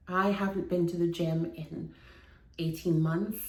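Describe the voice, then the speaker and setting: Slow, earnest woman in an echoey room. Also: lowish voice, steady tone. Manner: earnest, emotional, repeats phrases for emphasis. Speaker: fitness vlogger. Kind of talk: personal confessional vlog.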